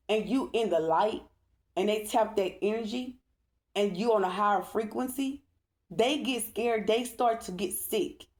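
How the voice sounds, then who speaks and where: This woman, with a medium-pitched and slightly mellow voice, reads tarot cards for a spiritual vlog. Her style is blunt and emphatic, with plenty of cursing and a constantly repeated "okay?"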